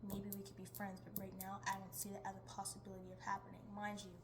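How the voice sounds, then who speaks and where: A woman's voice: medium pitch, completely flat delivery, quick pace, very noisy. A young woman in her teens talking casually in a rambling vlog, chatty and jumping between topics. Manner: chatty, jumps between topics, laughs often. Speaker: vlogger.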